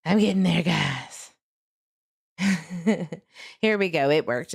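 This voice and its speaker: A woman's voice: fairly low pitch, expressive, slow, creaky, long pauses, dry recording, clean studio sound. A woman hosting a true crime channel, talking casually and with frustration to her viewers while she searches online. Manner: frustrated, talks to viewers, laughs between remarks.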